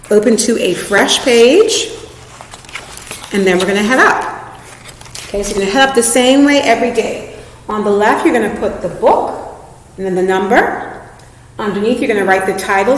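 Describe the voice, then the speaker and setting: A woman reading teacher giving a recorded lesson to students, patient and clear, spelling words out slowly letter by letter. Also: medium pitch, slight background noise. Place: classroom with a flip chart. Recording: very echoey room with a long reverb.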